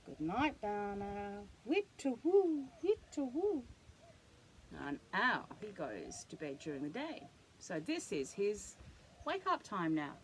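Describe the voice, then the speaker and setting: A grandmother reads a bedtime picture book aloud to her grandchild, gentle and expressive, adding playful animal noises. Her voice is medium-pitched, and the rough recording carries slight background noise.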